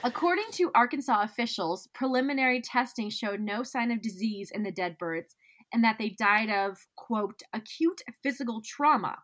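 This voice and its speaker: A woman's voice: fairly high pitch, moderate pace, a bit bright. A woman co-hosting a podcast, reading out facts with playful asides in a casual chat. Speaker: podcast co-host.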